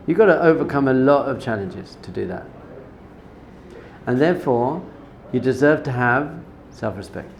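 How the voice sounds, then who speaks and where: A rabbi giving an informal Torah lesson, talking conversationally, repeating words for emphasis and telling personal stories. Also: male voice, medium pitch, animated, moderate pace, a little hiss or hum. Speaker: rabbi teaching a class.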